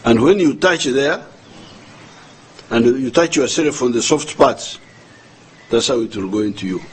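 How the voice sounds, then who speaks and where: Slow older Ugandan man addressing the nation. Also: medium pitch, lively intonation, slightly rough, low-quality recording. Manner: slow and deliberate, repeating words while searching for them. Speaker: head of state addressing the nation.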